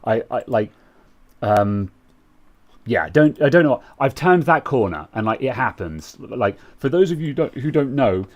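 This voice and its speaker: A man's voice: medium pitch, expressive, a little slow. A young British man co-hosting a casual tech chat, rambling with lots of fillers and restarts. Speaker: co-host.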